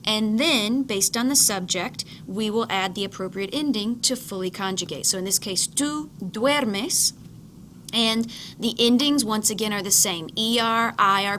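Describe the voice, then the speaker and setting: A Spanish teacher delivers a recorded slide lecture in a mid-range, slightly bright voice, with a little background noise. She explains patiently, repeats key points, and models how each word is pronounced.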